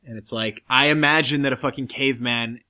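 A man's voice: mid-range voice, fairly even intonation, a little fast, sharp tone. A young man co-hosting a podcast, chatting casually and crudely, swearing and laughing often as he rambles. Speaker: podcast co-host.

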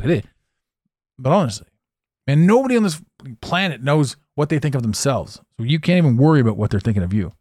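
A man's voice: fairly high pitch, no echo, clean studio sound. A man hosting a podcast, talking bluntly in a casual motivational monologue and swearing freely. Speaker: podcast host and life coach.

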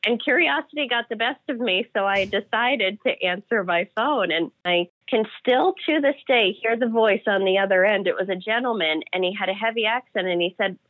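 A woman's voice: medium pitch, normal speed, hardly any pauses, no room sound. A woman telling an emotional personal story as an interview guest. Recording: dry phone-like audio.

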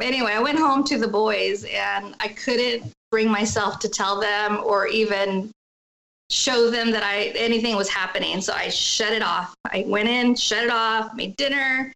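A woman's voice: a little high, sharp tone, low-quality recording. A middle-aged woman candidly telling a personal story as an interview guest, acting out what others said in emotional retellings. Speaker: guest sharing her story.

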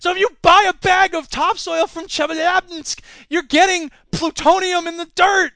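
Brief: high, bright male podcast host, jokey and rambling, dry close mic. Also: fairly even intonation, moderate pace, hardly any pauses, no room sound. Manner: jokey, rambling, slips into silly voices. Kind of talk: comedic news commentary.

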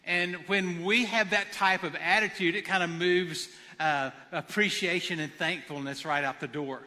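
A pastor preaching a sermon in an earnest manner, repeating phrases for emphasis. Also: male voice, sits high, fairly even intonation, moderate pace, sharp tone, in a large hall.

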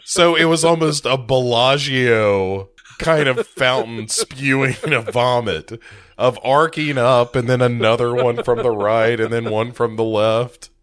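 A man co-hosting a comedy podcast, recapping a film with deadpan jokes. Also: mid-range voice, unhurried. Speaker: podcast co-host. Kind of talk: casual comedic chat.

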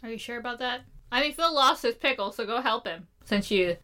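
A young woman with a bright, slightly nasal voice, chatting casually and laughing easily at her own jokes. Her voice sits a little high. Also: lively intonation, fairly quick. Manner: giggly, jokey, self-deprecating. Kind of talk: casual chat.

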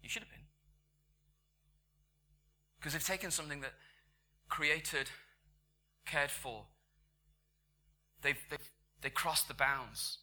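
A man preaching a sermon in church, conversational, dropping to whispers and rising to loud emphatic bursts. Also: on the high side, slow pace, long pauses.

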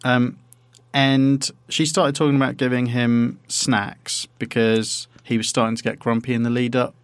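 A man, rambling along as a podcast co-host, often breaking off and restarting his thoughts. His voice sits at a middling pitch and sounds close and dry. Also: little pitch movement, unhurried, clear, resonant tone, dry recording. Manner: rambling, self-interrupting, chatty. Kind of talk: casual chat.

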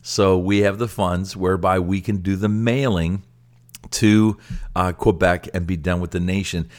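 An older man with a very low, deep voice, chatting on a ministry podcast. He tells his stories with lively excitement, tripping over repeated words as he builds up. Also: measured pace. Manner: animated storyteller with stammered restarts. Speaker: ministry director and co-host. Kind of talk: casual podcast chat.

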